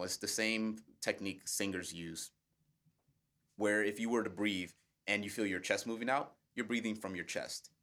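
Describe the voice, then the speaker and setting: Deep-voiced man explaining calmly. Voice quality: deep bass voice. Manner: measured, explanatory, laughs easily. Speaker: guest, public speaking coach. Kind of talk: conversational podcast interview.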